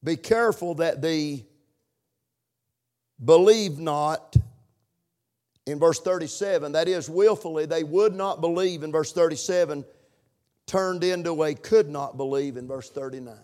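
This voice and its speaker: A pastor preaching a sermon in church, rising to loud emphatic passages and dropping to quiet asides. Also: male voice, a little high, moderate pace.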